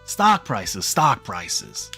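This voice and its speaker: A man's voice: on the low side, huge pitch swings, drawn-out words, pushed and bright, soft background music, heavily acted. Brash middle-aged company boss with new york patter, a guy voicing him for a visual novel read-aloud.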